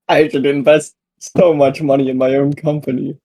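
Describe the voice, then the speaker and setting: A man's voice: medium pitch, warm tone. A man playing in a tabletop game, playful and giggly. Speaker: player.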